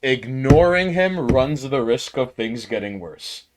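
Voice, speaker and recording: A man from New York co-hosting a podcast, telling stories in a profane, animated way with big swings in loudness. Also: medium pitch, measured pace, background noise. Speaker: podcast co-host. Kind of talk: casual chat, storytelling.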